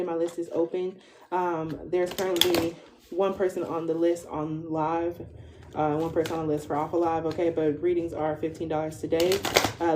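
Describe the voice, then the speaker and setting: There's slight background noise behind this woman's low, dark-toned voice. She's in her twenties, reading tarot live in a chatty, informal way, peppering nearly every phrase with "okay?".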